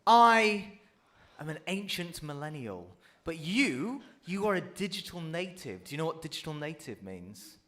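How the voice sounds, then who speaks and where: A man's voice: fairly high pitch, sing-song, measured pace, fairly bright tone. Upbeat jokey male radio presenter. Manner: upbeat, jokey and self-mocking. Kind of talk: casual radio chat with young guests. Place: radio studio.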